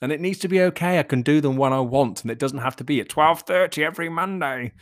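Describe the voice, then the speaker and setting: A man's voice: fairly high pitch, fast talker. A man talking alone on his own podcast, reflective and rambling, swearing casually and often laughing. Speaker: podcast host and coach. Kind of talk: solo podcast monologue.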